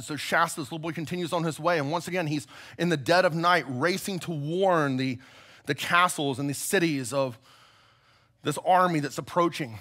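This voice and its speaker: A male pastor preaching a sermon, retelling a story as an animated storyteller. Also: a little high.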